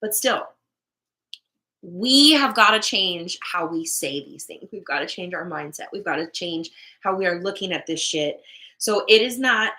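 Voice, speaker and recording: A woman's voice: fairly low pitch, expressive, a little slow, bright, forceful tone. A young woman hosting a casual live stream, talking candidly with frequent swearing and laughter and tossing in Spanish words. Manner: chatty, candid, swears freely, laughs often. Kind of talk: casual live stream chat about manifesting.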